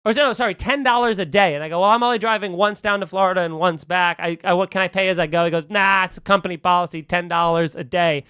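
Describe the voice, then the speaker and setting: A podcast host with a high, smooth voice talks fast with few pauses in a dry, studio-quality recording. During casual chat he tells a long, heated anecdote, animatedly acting out both sides of a quarrel and swearing freely.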